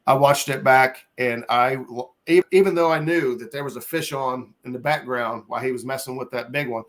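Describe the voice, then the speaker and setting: A man's voice: medium pitch, normal speed, fairly bright tone. A man from Ohio hosting a casual fishing live stream chat, rambling with lots of ums and uhs and chuckling between thoughts. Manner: rambling, hesitant, lots of fillers. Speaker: host.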